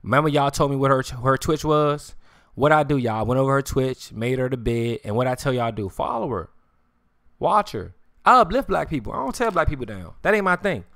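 A man's voice: mid-range voice, expressive, fairly quick, fairly bright tone, no room sound, studio quality. A man ranting on a live stream in casual street slang, swearing often and repeating "you hear me". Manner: repetitive, keeps saying "you hear me", swears freely; slang-heavy street talk.

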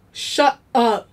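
A woman chatting excitedly while playing a video game, often shrieking and laughing. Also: high voice. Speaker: gamer playing on stream. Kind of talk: casual gaming commentary.

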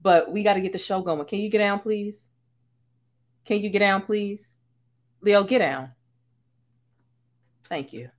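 A woman's voice: medium pitch, normal speed. Chatty woman hosting a live commentary stream. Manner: chatty and emphatic, slangy asides to viewers. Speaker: host of a commentary livestream.

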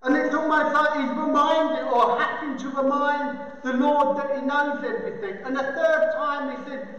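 Brief: a male pastor with a very high voice, playful and animated, recorded from far off. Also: moderate pace, few pauses. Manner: animated, joking, imitates animal noises. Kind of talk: sermon. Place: large church hall. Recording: echoey hall, distant, dull.

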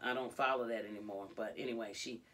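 A woman's voice: a bass voice, fairly even intonation, quick pace, fairly bright tone, far from the mic. A woman coach hosting a reality-show commentary vlog, retelling events dramatically and calling out to the Lord. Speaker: life coach and vlogger.

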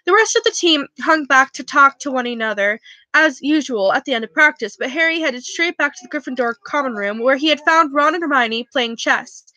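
A woman reading a novel aloud at a steady pace, correcting her own slips as she goes. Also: high voice, fairly quick, dry recording. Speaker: reader.

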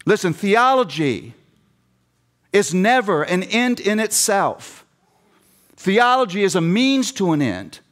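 A man's voice: sits high, big pitch swings, slow, long pauses, a bit bright. A middle-aged man preaching a passionate sermon with emphatic repetition, addressing seminary students. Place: seminary chapel.

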